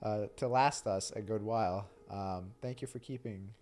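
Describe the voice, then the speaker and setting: Over game music, a young male streamer reads game dialogue and chats casually, joking and rambling with lots of "like" and crude humor. His voice is fairly low, a little mellow, and at normal speed.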